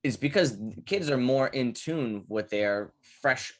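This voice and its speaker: A young man co-hosting a podcast, talking casually and rambling through profane, animated stories. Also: mid-range voice, slow. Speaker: podcast co-host. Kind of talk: casual chat.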